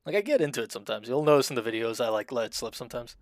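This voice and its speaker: Monotone man streaming a game, dry sound. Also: medium pitch, racing, no echo. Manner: self-described monotone, dry delivery; chatty, reads game options aloud. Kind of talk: casual live game-stream commentary.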